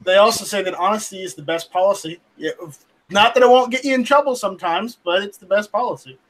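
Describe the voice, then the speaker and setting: A man's voice: sits high, fast talker, fairly bright tone, rough recording. A man in a casual online chat, joking in a light, self-mocking way.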